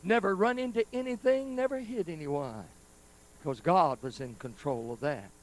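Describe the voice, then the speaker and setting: A man preaching a storytelling sermon at a live church service, speaking folksy and direct to the congregation, swinging from loud bursts to hushed asides. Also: high-pitched, moderate pace.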